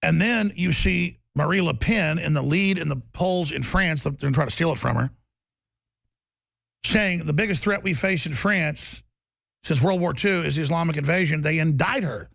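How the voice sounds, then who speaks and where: A male talk show host delivering a loud, rambling monologue with a gravelly voice, bursting into shouting. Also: a little high, moderate pace, no echo. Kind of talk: ranting monologue.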